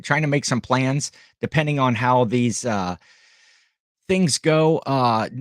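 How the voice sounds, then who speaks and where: A man's voice: mid-range voice, no echo, studio quality. A middle-aged man from Ohio hosting a casual live stream at home, rambling and greeting viewers by name.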